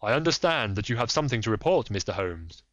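Grave, stern older statesman, read by a man, low and firm, dull dry sound. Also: sing-song, fast, a bit bright, no room sound. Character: subdued, stern older male prime minister.

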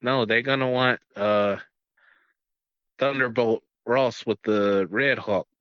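A man's voice: medium pitch, steady tone, takes it slowly, no echo. A man co-hosting a casual movie review podcast, joking and chiming in with wry remarks. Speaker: podcast co-host. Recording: dull lo-fi mic.

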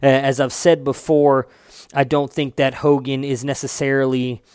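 A man's voice: mid-range voice, little pitch movement, moderate pace, darkish tone, clear, resonant tone, no room sound, clean studio sound. A young man hosting a casual fantasy football show, loose and chatty, swearing now and then and correcting himself as he reads stats. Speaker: fantasy football podcast host. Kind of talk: casual sports chat.

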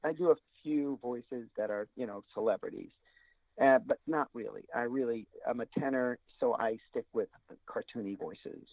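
A man's voice: mid-range voice, normal speed, gravelly, no room sound. A man, a voice actor guest, talking casually in an interview, rambling with many fillers and restarts. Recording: tinny dry phone line.

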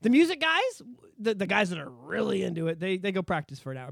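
A high-pitched man with a very lively, bouncing delivery, joking around on a podcast and slipping into quick put-on voices for bits. The sound is close and dry, with no room around it. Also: gravelly, no room sound. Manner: animated, jokey, acts out bits in put-on voices. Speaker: podcast co-host. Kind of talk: casual podcast chat.

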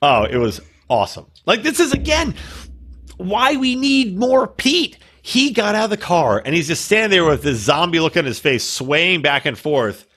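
A man's voice: high-pitched, big pitch swings, moderate pace, a bit bright, breathy edge. A man co-hosting a casual podcast chat, rambling and joking as he acts out bits of gossip in silly voices. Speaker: podcast co-host.

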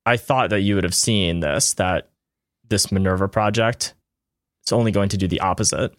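A man voicing a world-weary, condescending former comrade in a tabletop game, speaking in a measured way. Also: deep voice, a bit bright, no echo, studio quality. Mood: exasperated.

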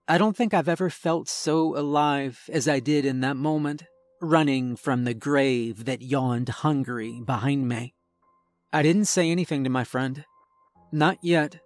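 Slow dramatic male horror narrator. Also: medium pitch, no room sound. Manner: dramatic, tense storytelling. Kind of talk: scripted first-person horror narration.

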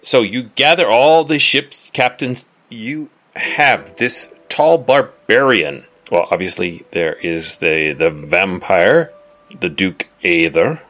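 A man narrating as game master for a tabletop game, slow and halting with many fillers. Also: low-pitched, fairly bright tone.

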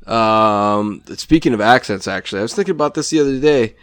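A man's voice: lowish voice, expressive, fairly quick, smooth, no room sound. Guy cohosting a podcast, loose and rambly, chuckling, drink in hand, dead dry room. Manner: rambling, laughs often, trails off. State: drinking while talking. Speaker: podcast co-host. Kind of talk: casual chat.

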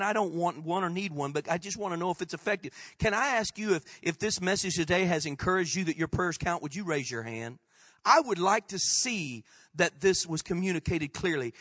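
A man pastor preaching a sermon with impassioned swings from loud peaks to hushed prayer, in informal, folksy phrasing. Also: sits high, no room sound, clean studio sound.

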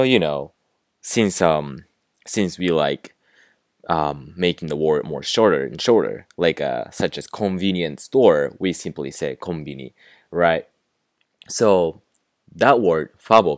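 A young man with a Japanese accent hosting a casual podcast, explaining slang with relaxed fillers and self-corrections. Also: extremely low pitch, dry recording, clean studio sound. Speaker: podcast host teaching slang.

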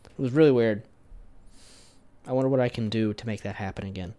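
A man's voice: on the low side, a little fast, dark tone. A young man co-hosting a casual podcast chat, teasing and arguing with his co-host and swearing casually.

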